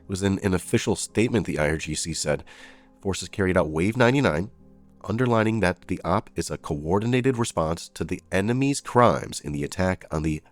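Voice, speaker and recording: Low-voiced man reading the news. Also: expressive, fairly quick. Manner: reads headlines then adds sarcastic asides. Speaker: news commentator. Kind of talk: casual news commentary.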